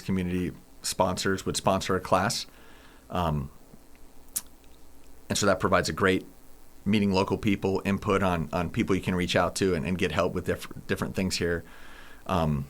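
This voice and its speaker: Low-voiced military commander. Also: male voice, fairly bright tone. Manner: plain, measured, repeats words. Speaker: air force base commander. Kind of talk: interview answers.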